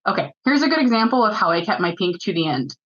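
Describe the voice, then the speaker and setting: A woman's voice: medium pitch, very animated, fairly bright tone, muffled recording. A woman co-leading a user group, giving an upbeat, chatty webinar presentation on a video call. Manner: chatty, quick-talking, upbeat explainer.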